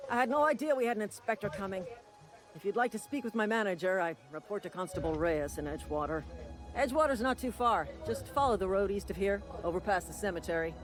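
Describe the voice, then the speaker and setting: Folksy corporate security guard. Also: male voice, high voice, animated, quick pace. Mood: fawning. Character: folksy corporate security man, officious then fawning.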